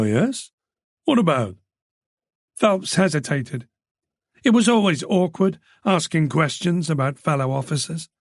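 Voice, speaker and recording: A man narrating a crime thriller in a measured, even way. His voice sits a bit high for a man and has a gravelly texture. The recording is close and dry. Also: no echo. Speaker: audiobook narrator. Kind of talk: scripted narration.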